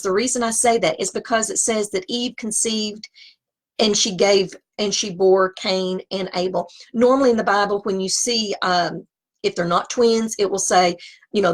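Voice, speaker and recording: A woman's voice: mid-range voice, moderate pace. A woman teaching scripture, reading the text aloud and breaking off into conversational asides. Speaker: Bible teacher.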